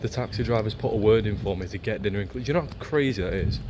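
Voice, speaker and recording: A Leeds travel vlogger speaks in a racing rush, his fairly low voice carrying a Yorkshire accent. Addressing a handheld camera in a relaxed vlog, he gushes and repeats his phrases while background noise runs underneath.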